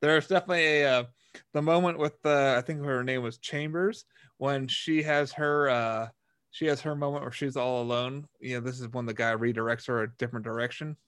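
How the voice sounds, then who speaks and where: A man's voice: medium pitch, fairly even intonation, fairly quick, a bit bright, clean tone. A man chatting casually about a film, laughing often and retelling scenes vividly.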